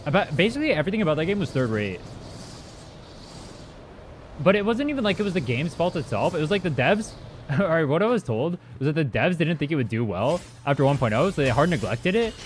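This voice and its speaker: Fast-talking young man streaming games. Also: fairly high pitch, big pitch swings, slight background noise. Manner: rambling, profane, reads and answers chat. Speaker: game streamer. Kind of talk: casual livestream chat while gaming. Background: faint music from his playlist.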